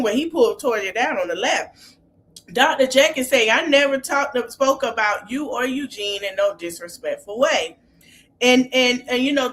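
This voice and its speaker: A woman's voice: fairly high pitch, slight background noise. A woman hosting a podcast, casually recapping a reality show reunion and animatedly acting out what the cast said. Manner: animated retelling, acting out quotes with exclamations. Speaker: podcast host.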